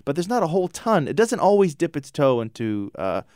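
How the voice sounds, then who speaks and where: A man's voice: fairly high pitch, fairly quick, no echo, clean studio sound. A man chatting as a guest on a podcast, laughing often and telling stories with energy. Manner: laughing, animated storyteller. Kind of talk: casual chat.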